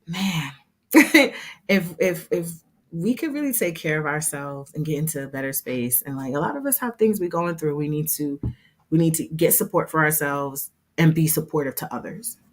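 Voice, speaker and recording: Woman, low voice, casual livestream chat, laughs a lot, fillers and restarts. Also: expressive, moderate pace. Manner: chatty, laughs often, lots of fillers and restarts. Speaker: hair business owner and instructor.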